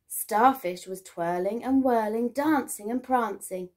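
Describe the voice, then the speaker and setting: A woman teacher reading a picture book aloud to young children in a sing-song, expressive storytelling manner. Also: medium pitch, measured pace, hardly any pauses.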